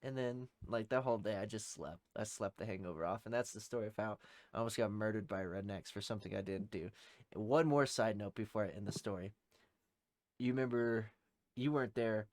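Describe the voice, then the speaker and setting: A young man co-hosting a podcast, telling a rowdy story in casual talk, swearing heavily and shouting out the lines of people in it. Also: fairly low pitch, fairly quick, no echo, studio quality. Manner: heavy swearing, acts out shouted quotes. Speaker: podcast co-host.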